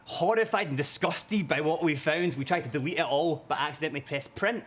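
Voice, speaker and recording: A young Glaswegian man from the audience, telling a funny anecdote in a lively way and acting out the voices in it. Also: on the high side, a little fast, breathy edge. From Scotland. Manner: lively storytelling, acts out quoted voices. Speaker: audience member telling a story. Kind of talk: comic anecdote.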